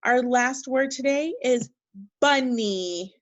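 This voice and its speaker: A woman teaching a second grade phonics lesson, speaking slowly and encouragingly and spelling words out letter by letter. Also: high-pitched, dry recording, muffled recording. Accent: Minnesota. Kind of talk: recorded remote phonics lesson.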